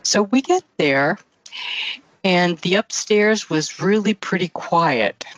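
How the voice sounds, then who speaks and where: A woman author recounting a paranormal investigation in an interview, halting, with frequent fillers and restarts. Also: fairly low pitch, animated, fairly bright tone, dry recording, muffled recording.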